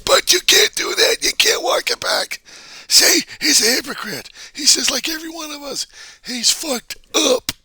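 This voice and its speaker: A man voicing a shrill, gloating male online critic who shrieks sneering taunts. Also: lively intonation, normal speed, bright, forceful tone, no echo, exaggerated voice.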